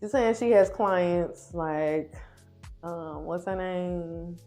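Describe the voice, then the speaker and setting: A woman's voice: lowish voice, fairly even intonation, warm tone, faint music behind. Chatty woman recapping reality TV. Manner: chatty, opinionated, fast retelling. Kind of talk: casual episode recap.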